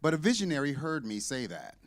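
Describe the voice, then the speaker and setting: A man in his fifties tells a funny church testimony, jumping into the voices of his own story as he goes. His voice is of middling pitch. It rings with the long reverb of a big sanctuary. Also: a little fast. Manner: lively, joking storyteller who acts out dialogue. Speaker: church deacon and visiting parent. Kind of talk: humorous testimony to a congregation.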